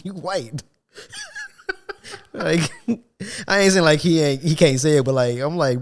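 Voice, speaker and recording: A man's voice: a little high, normal speed. A man on a casual podcast, telling a work story in slang and acting out the people he quotes. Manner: animated storytelling, acts out quotes with a raised voice. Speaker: podcast co-host. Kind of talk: casual chat.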